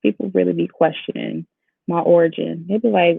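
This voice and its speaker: Chatty woman with a gravelly fry. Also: fairly low pitch, fairly even intonation, a little fast, no room sound. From Chicago, United States. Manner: chatty, talks straight to viewers as "y'all". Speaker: beauty vlogger. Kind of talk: casual live makeup tutorial. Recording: tinny phone-like sound, dry.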